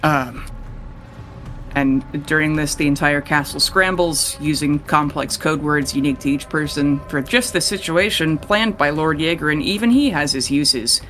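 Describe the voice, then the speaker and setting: Casual higher-voiced man narrating a game. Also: normal speed, sharp tone, soft background music. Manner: casual, swears freely, voices characters in passing. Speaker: game master.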